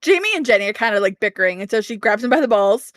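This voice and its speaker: Lively, giggly woman recapping a book. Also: mid-range voice, racing, no room sound, studio quality. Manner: chatty, laughs often, acts out characters' lines. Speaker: podcast co-host. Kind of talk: casual book recap chat.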